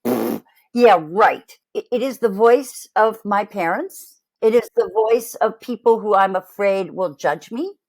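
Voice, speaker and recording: A woman vocal coach chatting casually about a song, lively, and acting out voices as she talks. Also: mid-range voice, unhurried, hardly any pauses. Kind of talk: casual chat, reacting to a song.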